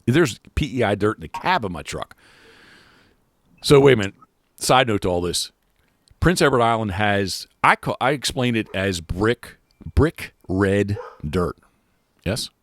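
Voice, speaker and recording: A man's voice: lowish voice, lively intonation, a little slow, pauses often, dry recording, studio quality. A man hosting a podcast, talking casually in a rambling way with many restarts and fillers. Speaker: podcast host. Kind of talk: casual chat.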